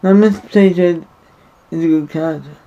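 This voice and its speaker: High-voiced rambling man. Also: brisk. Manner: rambling, repeats himself, indignant. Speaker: vlogger. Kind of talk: opinion monologue to camera. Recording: dull lo-fi recording.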